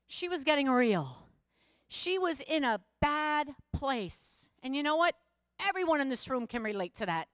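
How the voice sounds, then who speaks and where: A woman's voice: high voice, very animated, a little slow, fairly bright tone, no room sound, clean studio sound. A middle-aged woman pastor preaching a sermon, telling a story in a conversational way and rising to emphatic exhortation.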